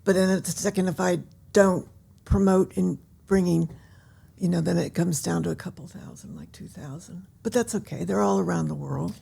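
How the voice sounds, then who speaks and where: An older woman, an author, chatting as a guest in an interview and telling her stories in an animated, theatrical way. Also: fairly low pitch, normal speed, creaky, slightly rough. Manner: animated storyteller who acts out scenes. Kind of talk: casual interview chat.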